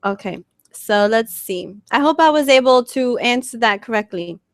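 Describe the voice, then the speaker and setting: A woman's voice: a little high, expressive, moderate pace, dry recording, studio quality. A woman with a New York accent, a spiritual coach answering viewer questions in a casual, chatty teaching talk full of fillers and "okay?" check-ins. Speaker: spiritual coach hosting a webcast.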